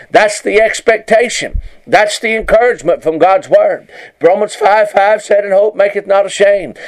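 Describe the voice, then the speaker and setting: A man's voice: high voice, poor audio. A man preaching a sermon, reading scripture fervently and repeatedly urging listeners to "watch now.". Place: broadcast sermon.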